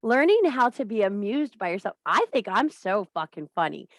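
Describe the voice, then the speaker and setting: A woman in the middle of her range, swinging her pitch up and down with a lot of animation as she talks. She coaches in a loose, bawdy way, swears freely and keeps laughing at her own jokes. The sound is dry and close, with little room around it. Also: big pitch swings, moderate pace, no room sound. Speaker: host of a witchcraft and wellness group. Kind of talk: casual spiritual coaching talk.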